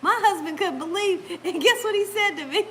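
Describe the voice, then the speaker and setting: High-voiced woman telling a lively story. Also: moderate pace, a little hiss or hum, poor audio. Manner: animated, laughs often, acts out the people in her story. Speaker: vlogger talking to her live chat. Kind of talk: casual storytelling.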